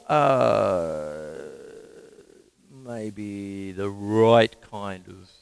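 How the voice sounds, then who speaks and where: A man with an Australian accent giving a casual, jokey drum lesson and counting the stickings out loud. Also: medium pitch, big pitch swings, moderate pace, no echo. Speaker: drum teacher. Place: home drum studio. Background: loud drum kit playing.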